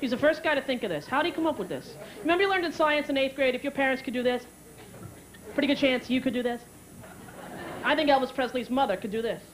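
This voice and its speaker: A woman doing a brash stand-up comedy routine on stage, telling stories and slipping into character voices. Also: high-pitched. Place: comedy stage with live audience. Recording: live crowd and noise.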